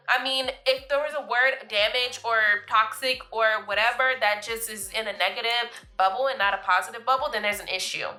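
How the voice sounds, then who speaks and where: A woman's voice: fairly high pitch, bright, forceful tone. A woman hosting her vlog, giving casual, emphatic life advice, often laughing and calling listeners "boo". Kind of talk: casual motivational talk to camera.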